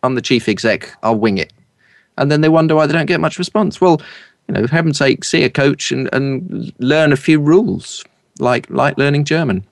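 A middle-aged man from East London with a polished southern English accent, a broadcaster and speaker coach telling lively anecdotes in an interview. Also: fairly high pitch, creaky, no echo, studio quality. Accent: standard southern English. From East London, England. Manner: lively, anecdotal, quick to laugh.

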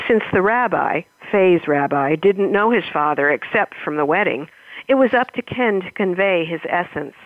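A woman author in an interview, speaking thoughtfully with halting pauses, then reading aloud from her own novel. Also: lowish voice, animated, no echo. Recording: tinny phone line.

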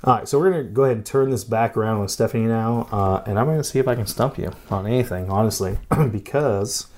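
Male podcast co-host, very low voice, easygoing chat, lots of "right?" tags. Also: quick pace. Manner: relaxed, says "right?" often, frequent fillers.

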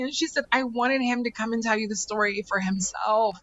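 A woman's voice: a little high, fairly quick, few pauses, fairly bright tone, dull audio. A woman telling a personal story as a psychic guest, acting out voices and repeating phrases for effect. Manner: dramatic, acts out quotes, repeats phrases. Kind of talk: animated storytelling in conversation.

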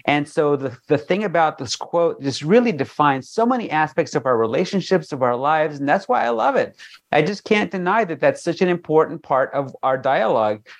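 A man's voice: on the high side, lively intonation, normal speed. A man speaking as an interview guest in an earnest, motivational way. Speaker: guest, jewelry designer. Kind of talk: interview talk.

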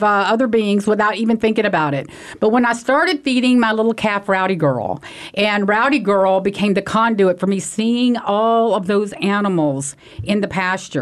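Earnest woman telling her story. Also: mid-range voice. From Texas, USA. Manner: earnest, conversational, trailing restarts. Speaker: guest, animal sanctuary founder. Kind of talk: interview answers, storytelling.

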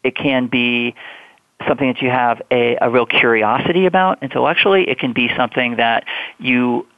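A man's voice: mid-range voice, normal speed, no echo. Male guest advisor on a phone line; easygoing, filler-heavy advice. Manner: relaxed, explanatory, many fillers. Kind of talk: conversational advice. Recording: tinny phone line, dry.

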